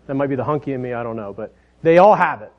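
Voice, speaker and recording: A man in his thirties preaching a sermon, telling family stories in a folksy way, often dropping softer at the ends of his phrases. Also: mid-range voice, lively intonation, fast talker. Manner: folksy storytelling, trailing off softly at phrase ends. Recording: dull lo-fi sound.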